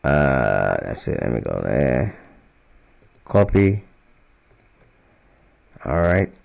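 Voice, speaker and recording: An extremely deep voice with vocal fry, a little mellow, moves extremely slowly and swings widely in pitch. The man is a religious teacher giving loose, conversational scripture teaching, checking in with "all right?" and "man" and raising his voice on the verses he reads.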